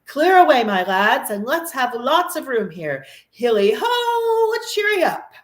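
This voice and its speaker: A woman voicing a jovial, fat old male merchant who calls out in hearty, drawn-out bellows, in a storybook reading. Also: high-pitched, very animated, voice pushed up, heavily acted. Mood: rousing. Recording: echoey room.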